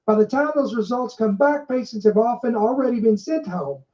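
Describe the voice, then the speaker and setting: A woman's voice: a little high, lively intonation, moderate pace, dark tone. A woman hosting a podcast, reading news headlines aloud and stressing key words, stopping to add her own commentary. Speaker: podcast host. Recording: muffled, dull recording.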